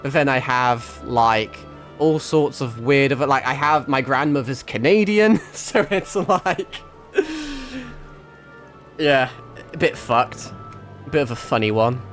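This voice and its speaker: A man's voice: mid-range voice, takes it slowly, long pauses, a bit bright. A young man with a mixed northern English accent, chatting casually to his livestream while gaming, rambling, swearing and laughing often. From England. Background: faint background music.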